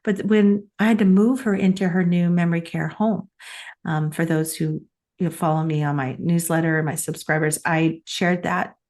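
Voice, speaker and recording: Her voice is on the low side, steady and a little mellow, moving at a moderate pace. A middle-aged podcast co-host on a talk show, she tells a personal story in a sincere, chatty, casual way.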